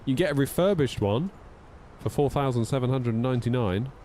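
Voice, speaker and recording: On a flight sim live stream, a man chats casually, wry and a little tired, yawning and reading chat messages as he goes. His mid-range voice is dark in tone with lively intonation, fairly quick, with slight background noise.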